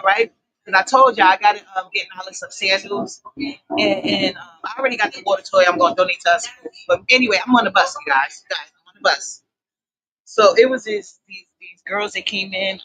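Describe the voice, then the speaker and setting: A woman's voice: mid-range voice, a bit bright, low-quality recording. A woman chatting casually in a vlog, animatedly retelling a story from a city bus. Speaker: vlogger.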